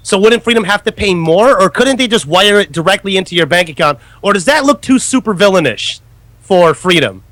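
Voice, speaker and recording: A man co-hosting an online show, talking in a loud, animated, swear-heavy casual chat. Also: high voice, a little fast, no room sound. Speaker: podcast co-host.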